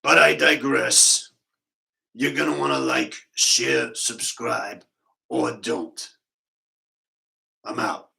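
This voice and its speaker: A man doing a comic impression of a rambling male conspiracy vlogger with a Boston accent, deadpan and digressive. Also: medium pitch, slow, vocal fry, long pauses, heavily acted, rough recording. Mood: drawling.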